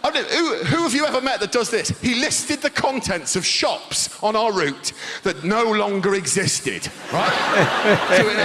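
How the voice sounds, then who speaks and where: A man performing a live stand-up set on a large theatre stage into a stage mic, telling stories in a loud, exclamatory way. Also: high voice, expressive, moderate pace. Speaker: stand-up comedian. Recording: live theatre crowd and noise.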